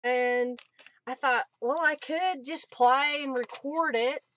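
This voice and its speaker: High-voiced chatty woman livestreaming. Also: slow pace, fairly bright tone, a little hiss or hum. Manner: chatty, greets viewers by name, laughs often. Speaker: craft livestream host. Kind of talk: casual live-stream chat while crafting.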